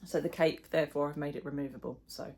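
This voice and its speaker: A woman's voice: sits low, steady tone, fast talker, a little mellow, slight background noise. A middle-aged woman chatting casually in a crochet vlog, rambling and self-deprecating, with plenty of fillers. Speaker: crochet vlogger. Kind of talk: casual chat.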